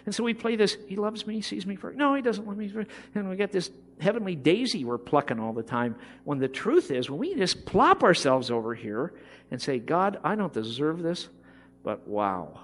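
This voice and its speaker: A middle-aged man delivers a passionate sermon. His voice sits high for a man and ranges widely as he builds to emphatic points. He acts out the voices of people he quotes along the way. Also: very animated, normal speed. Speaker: preacher.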